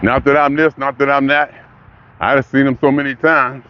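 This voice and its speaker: An older man, rambling in a casual monologue that builds into excitement. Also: mid-range voice, normal speed, highs cut off. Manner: rambling, talks himself into excitement. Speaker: vlogger.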